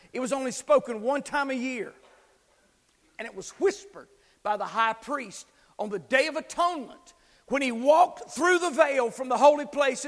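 Male pastor, high voice, dynamic preacher: whispers, then shouts, leads call and response, big hall echo. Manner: asks the congregation to repeat after him. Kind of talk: sermon. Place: church sanctuary. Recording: long hall reverb.

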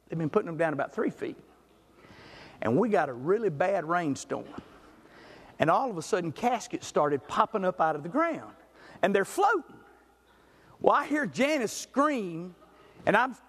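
High-voiced pastor in a reverberant hall. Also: male voice. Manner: folksy, animated storyteller who swings from loud to quiet. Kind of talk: sermon with storytelling.

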